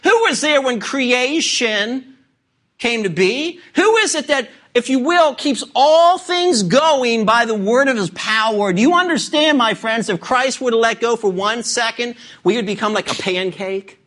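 A man's voice: very high voice, animated, a little slow, a bit bright. A man preaching a sermon, emphatic and full of rhetorical questions, asking the congregation to turn to scripture. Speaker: pastor.

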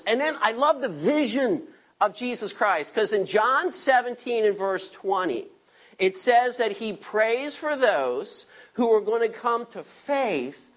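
Slow, animated male preacher. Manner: emphatic, drops low on key words. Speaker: pastor. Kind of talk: expository sermon.

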